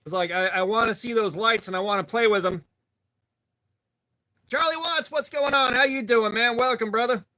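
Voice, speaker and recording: A man's voice: very high voice, moderate pace, pushed and bright. A man hosting a casual live stream, greeting viewers by name and rambling chattily between topics. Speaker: livestream host.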